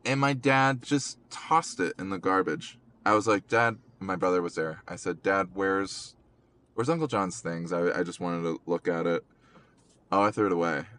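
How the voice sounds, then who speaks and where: A young man hosting a casual podcast, talking haltingly with many ums and restarts, in an emotional way, from a car. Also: low-pitched, a bit bright, a little hiss or hum. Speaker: podcast host.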